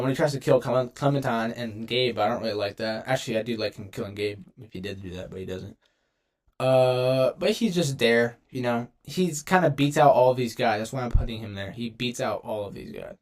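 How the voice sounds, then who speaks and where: A man's voice: medium pitch, a little mellow. Rambling young man ranking game characters. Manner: rambling, slangy, self-interrupting. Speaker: gaming video creator. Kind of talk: casual tier-list commentary.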